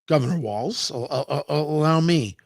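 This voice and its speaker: A man's voice: on the high side, normal speed, creaky, no echo, studio quality. A man hosting a radio talk show, delivering a sarcastic, mocking opinion monologue with emphatic asides. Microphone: studio microphone, live-streamed show.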